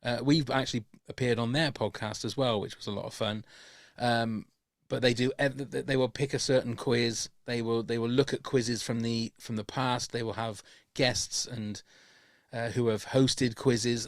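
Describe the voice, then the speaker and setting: A man's voice: medium pitch, fairly even intonation, moderate pace, no echo, studio quality. A man hosting a podcast, chatting with enthusiasm and lots of restarts. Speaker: podcast host. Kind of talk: casual podcast chat.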